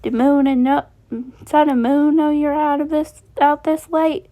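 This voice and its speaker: A woman's voice: high-pitched, unhurried, narrow, tinny audio, voice pushed up. A woman voicing a small, frightened but brave young girl in a storybook reading. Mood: nervous.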